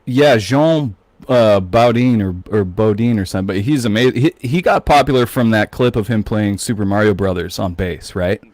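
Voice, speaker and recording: Lively low-voiced American man. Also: normal speed, no room sound. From United States. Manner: animated storyteller, mimics voices loudly. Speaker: podcast co-host. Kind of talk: casual chat.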